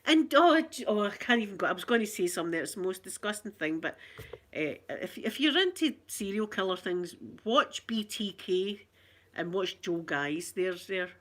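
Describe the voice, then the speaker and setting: A Scottish woman chats to her viewers in a loose, rambling way, laughing as she goes. Her voice sits at an ordinary middle pitch. She is recorded on a phone. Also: animated, normal speed, fairly bright tone. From Scotland. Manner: chatty, rambling, laughs often. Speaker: channel host. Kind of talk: casual chat to viewers.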